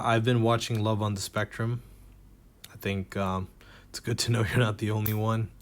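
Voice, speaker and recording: A man performing a stand-up comedy set, rambling and self-deprecating, reading jokes from a notebook. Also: on the low side.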